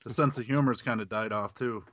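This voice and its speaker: A man's voice: mid-range voice, fairly quick, a bit bright. A man swearing bluntly during a casual group movie commentary. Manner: blunt and profane. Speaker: commentator riffing on a film. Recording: dry, lo-fi podcast audio.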